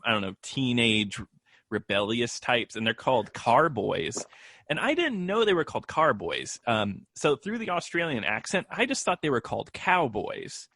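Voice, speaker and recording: Bright, dry-sounding chatty man. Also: mid-range voice, dry recording. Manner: laughs easily, chatty. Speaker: podcast co-host. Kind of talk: casual movie review chat.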